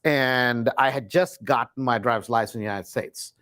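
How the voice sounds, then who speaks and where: A man's voice: mid-range voice, normal speed, fairly bright tone, no room sound, studio quality. A man from India telling a personal story to an online audience, casual and rambling, with many fillers and restarts. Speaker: host.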